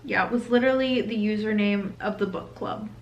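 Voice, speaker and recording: A woman's voice: mid-range voice, fairly quick, reverberant, lo-fi sound. A woman casually telling a story as a storytime vlogger, chatty and swearing, with lots of "like" fillers.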